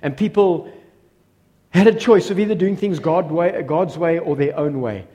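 High-voiced South African pastor in a reverberant church. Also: male voice, moderate pace. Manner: energetic, joking, builds to loud exclamations, calls for amens. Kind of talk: lively sermon. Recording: long reverb of a church hall.

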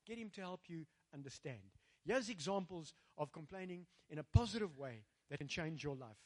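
This South African pastor's voice is a little high and a little mellow, animated at a moderate pace. His sermon is rousing, full of calls to the congregation and bits of Afrikaans.

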